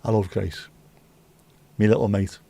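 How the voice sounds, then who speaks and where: A man's voice: lowish voice, little pitch movement, measured pace, vocal fry, warm tone. A man hosting a livestream, rambling through jokey, sweary anecdotes in casual chat. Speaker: livestream host.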